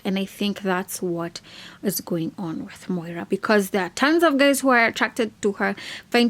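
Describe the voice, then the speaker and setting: Young woman ranting about reality tv, chatty, says like a lot, medium voice. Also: medium pitch. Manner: chatty, opinionated, heavy on "like". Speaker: reality TV reviewer. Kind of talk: casual recap commentary.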